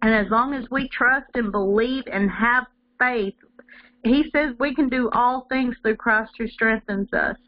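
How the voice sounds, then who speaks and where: A woman's voice: fairly high pitch, a little slow, muffled recording. A woman giving a personal testimony in church, speaking earnestly and repeating points for emphasis. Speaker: congregation member giving testimony.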